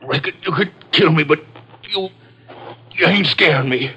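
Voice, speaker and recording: A man's voice: sits low, expressive, normal speed, slight background noise. An older man playing a folksy small-town constable in 1950s radio drama acting. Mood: defiant. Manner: easygoing folksy drawl. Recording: muffled old radio broadcast.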